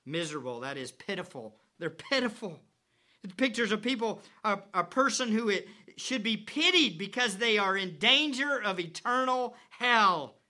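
A man preaching a sermon who swings from hushed whispers to loud, emphatic declarations and stretches words slowly for emphasis. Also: sits high, expressive. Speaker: pastor.

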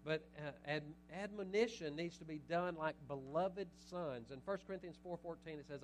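A middle-aged pastor preaching a sermon, animated, moving between loud urging and quiet asides. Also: male voice, on the high side, normal speed, hardly any pauses, a little hiss or hum, rough recording.

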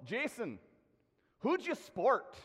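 A man's voice: very high-pitched, wildly swooping pitch, takes it slowly, fairly bright tone, breathy edge, pitched above the performer's own voice, exaggerated voice. A pastor voicing a friendly Scottish man who keeps repeating a question in a raised, insistent voice, heard in a reverberant hall.

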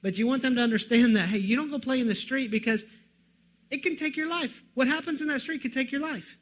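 A man preaching a sermon as pastor, moving from loud pleading questions to quiet, earnest emphasis. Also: very high voice, quick pace.

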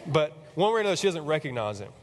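Man, casual sermon storytelling, chatty and animated, fairly high voice, long hall reverb. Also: very fast. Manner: chatty and animated, lots of fillers.

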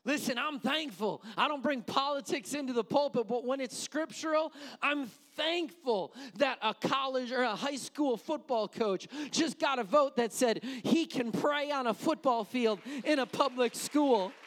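A man preaching a sermon to a church, building to shouted, drawn-out emphasis. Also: big-room sound. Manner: impassioned, shouting climaxes, slowing for emphasis; drops to a soft, low near-whisper at the close. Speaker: pastor.

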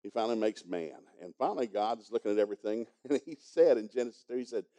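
Fast-talking man with a very dark voice. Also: fairly low pitch, animated. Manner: folksy storytelling, chuckling as he goes. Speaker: pastor teaching a congregation. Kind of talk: sermon with a personal story.

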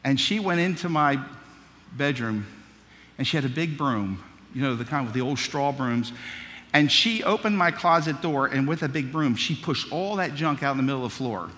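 A man's voice: mid-range voice, lively intonation, moderate pace, a bit bright, in a large hall. A man preaching a sermon, telling childhood stories in a folksy, humorous way. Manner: folksy storytelling, humorous asides.

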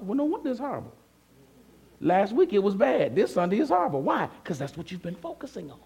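A pastor preaching a sermon with a high, light voice for a man. He speaks in a conversational way and keeps checking in with the congregation through questions. He acts out their replies in a softer voice. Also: wildly swooping pitch, a little fast, gravelly, breathy edge.

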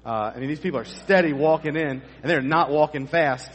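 A man's voice: on the high side, brisk, slightly rough. A middle-aged male pastor preaching a sermon, telling stories in a conversational way with asides to the congregation. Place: church sanctuary. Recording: long hall reverb.

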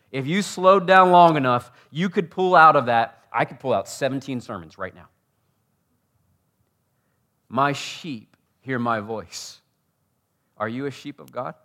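A man preaching a sermon in a casual, conversational way, swinging from hushed lines to loud ones and slowing down hard on key phrases. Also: on the high side. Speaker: pastor. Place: church room with audience.

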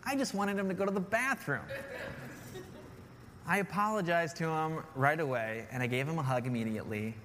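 Earnest preacher in a reverberant hall. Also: male voice, a little high, normal speed, fairly bright tone. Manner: earnest, repeats key phrases with "right?". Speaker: pastor. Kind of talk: sermon. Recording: long hall reverb, faint noise.

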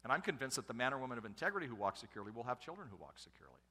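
Lively, bright-voiced man preaching in a hall. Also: medium pitch, very fast. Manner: humorous, conversational preaching with asides to the congregation. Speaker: pastor and family speaker. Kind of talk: sermon.

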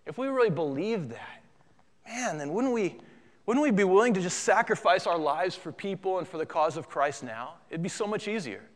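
A man preaching a sermon as pastor, animated and conversational with flashes of humor. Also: high-pitched, normal speed. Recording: long hall reverb.

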